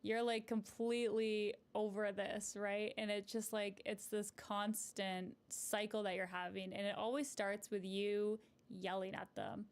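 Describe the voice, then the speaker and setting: A woman therapist talks through relationship advice on a live stream, pausing to answer viewer comments as they come in. Her voice sits at an ordinary middle pitch. She explains things in a gentle, encouraging way and keeps tagging her points with a friendly "right?". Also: little pitch movement, clear, resonant tone. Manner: conversational, often ends points with a checking "right?". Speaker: couples therapist.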